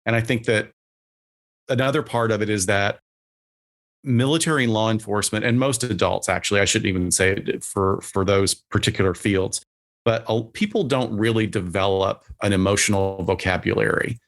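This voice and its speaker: With a fairly low-pitched voice and moderate pace, this man, a psychologist, chats casually as a podcast guest. His manner is relaxed and plainspoken, and he acts out quotes while explaining.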